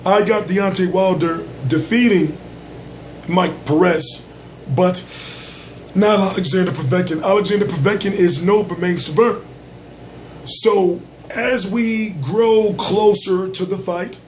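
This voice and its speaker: A man with a high-pitched voice that is nearly gone, forcing it out hard so he can be heard as he runs his boxing vlog. He speaks loosely and slangily and keeps circling back over his points, over a faint background hiss. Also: a little slow, low-quality recording. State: lost voice, straining to project. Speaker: boxing news vlogger. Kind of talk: casual commentary vlog.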